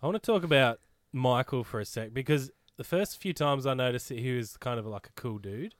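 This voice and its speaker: A man co-hosting a casual podcast chat in a relaxed way. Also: mid-range voice, a little fast, no room sound. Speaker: podcast co-host.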